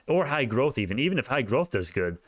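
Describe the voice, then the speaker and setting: A young man in college, a stock market YouTuber giving casual, rambling chart commentary, excitable and prone to tangents. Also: mid-range voice, a little fast, no echo, studio quality. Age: young adult.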